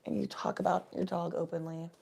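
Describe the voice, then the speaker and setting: A woman's voice: on the low side, level tone, brisk, gravelly, darkish tone, slightly rough. A young woman telling rambling, profane stories in a laid-back, casual chat with the odd cough. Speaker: vlogger.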